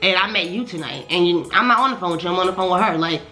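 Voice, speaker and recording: A woman vlogger telling a casual storytime, slangy and animated, swearing often and repeating "you know what I'm saying" as she recounts an annoying night. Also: lowish voice, racing, soft background music.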